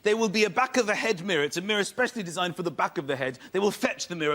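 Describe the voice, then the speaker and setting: A man's voice: high-pitched, rapid-fire. A man comedian doing observational stand-up with a musing delivery. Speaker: comedian panelist. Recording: loud audience and heavy noise.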